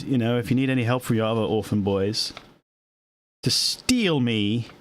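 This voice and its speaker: A man playing a tabletop game, scheming and laughing often, in a casual chat. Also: medium pitch. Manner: scheming, laughs often, restarts mid-sentence. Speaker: player.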